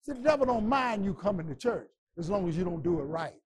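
A man teaching a Bible class, preaching with passion, stammering repetitions and bursts of shouting. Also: sits high, sing-song, quick pace.

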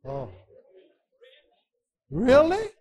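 A man teaching a Bible class, preaching with passion, stammering repetitions and bursts of shouting. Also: very high-pitched, huge pitch swings, very slow.

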